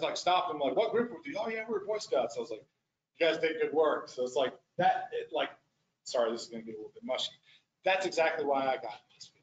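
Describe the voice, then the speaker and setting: A man's voice: medium pitch, a little hiss or hum. Rambling man presenting in an echoey room. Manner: rambling, animated, many restarts. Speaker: restoration practitioner presenting. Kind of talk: casual meeting presentation. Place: meeting room. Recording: echoey muffled meeting room audio.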